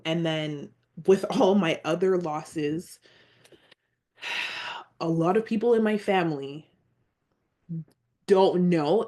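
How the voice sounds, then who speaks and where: Woman, podcast guest, unhurried delivery, slightly low voice, earnest and heartfelt, near tears at times. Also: a little mellow. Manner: heartfelt, earnest, slow and reflective. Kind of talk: personal storytelling in an interview.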